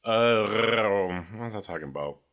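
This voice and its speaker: A man's voice: on the low side, expressive, measured pace, a bit bright. Loose, laughing man podcasting from a car. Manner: loose, profane, laughs often and mimics silly voices. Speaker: podcast host. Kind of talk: casual comedic monologue.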